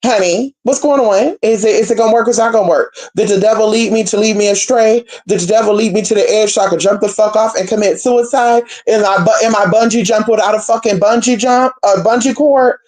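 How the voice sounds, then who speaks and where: A young woman telling a story to her viewers in a casual, profane, animated way, calling them y'all and girl. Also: mid-range voice, a little fast, few pauses. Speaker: spiritual practitioner.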